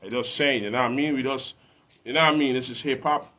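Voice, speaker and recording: A man's voice: medium pitch, quick pace, pushed and bright. Emphatic man with street swagger. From Virgin Islands. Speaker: guest artist. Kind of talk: casual interview chat.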